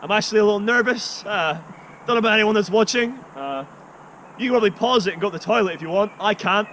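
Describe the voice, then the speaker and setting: A man's voice: high voice, fast, fairly bright tone. A man performing as a juggler, talking to the camera in theatrical, playful showman's patter. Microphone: camera run by an assistant. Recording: noisy outdoor recording.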